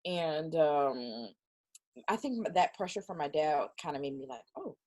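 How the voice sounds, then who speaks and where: Speaking a little slowly in a deep voice, a young woman co-host on a podcast tells stories in casual conversation, bringing them to life by acting out the quotes.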